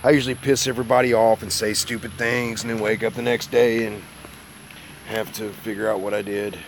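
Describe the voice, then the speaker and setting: Chatting casually on his model-building stream, this Mississippi man sounds hungover, rambling and poking fun at himself in homespun style. He talks fairly quickly in a lowish register with little pitch movement, over slight background noise.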